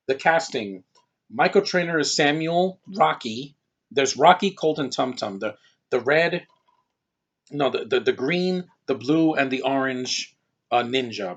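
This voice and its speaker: A man's voice: mid-range voice, a bit bright, husky. A man in his thirties giving a rambling, casual movie review, jumping from one aside to the next. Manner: rambling, digressive. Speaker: film reviewer. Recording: dull lo-fi recording.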